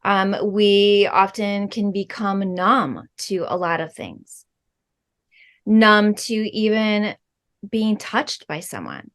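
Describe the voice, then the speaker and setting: A middle-aged woman, a spiritual healing guide, answering interview questions in a slow, measured, earnest way with soft fillers. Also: mid-range voice, animated.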